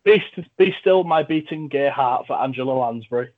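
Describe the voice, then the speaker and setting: Brief: male podcast host, jokey and enthusiastic, mid-pitched voice, slightly muffled remote audio. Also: moderate pace. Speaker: podcast host and film reviewer. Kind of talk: casual chat.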